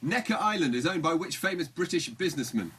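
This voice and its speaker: Male breakfast-radio presenter; brisk, animated delivery, slightly raised pitch. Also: slightly rough. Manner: upbeat, quick presenter patter. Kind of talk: radio show hosting. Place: radio studio.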